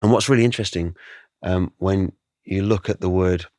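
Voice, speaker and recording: Deep-voiced middle-aged man, animated storyteller. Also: moderate pace, no echo, studio quality. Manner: animated, acts out quoted voices, emotional. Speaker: guest artist. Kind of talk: reflective interview storytelling.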